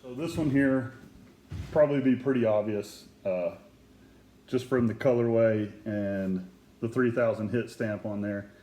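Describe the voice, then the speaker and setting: A man telling autograph stories in casual chat, lively and eager as he describes each piece. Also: medium pitch, a little slow, roomy sound. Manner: animated storyteller who acts out quotes. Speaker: guest collector telling an autograph story.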